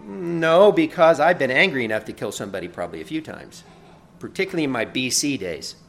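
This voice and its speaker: A pastor preaches a sermon in a conversational, teaching style, often asking "right?" and rising loud for emphasis before dropping soft. His mid-range voice swings widely in pitch, and he talks fast.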